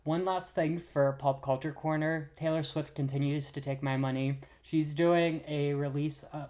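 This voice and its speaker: A young woman with a low-pitched voice co-hosting a podcast. She chats casually, laughs easily, and breaks into gushing high-pitched bursts when she gets excited. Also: moderate pace. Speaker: podcast co-host. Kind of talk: casual chat.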